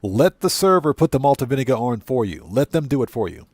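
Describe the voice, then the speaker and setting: A man chatting casually to viewers while he streams a game. He talks at a middle pitch and keeps repeating his points for emphasis. The sound is dry and close, with no room around his voice. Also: very animated, a little fast, a little mellow, husky, no room sound. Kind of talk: casual livestream chat.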